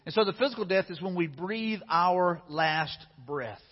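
High-voiced husky male pastor preaching. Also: normal speed. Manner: conversational, repeats phrases. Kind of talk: sermon. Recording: dull sound with long hall reverb.

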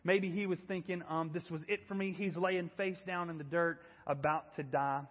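A man in his thirties preaching a sermon, telling a story in an animated, self-deprecating way. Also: a little high, normal speed, long reverb tail, lo-fi sound. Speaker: pastor. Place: church.

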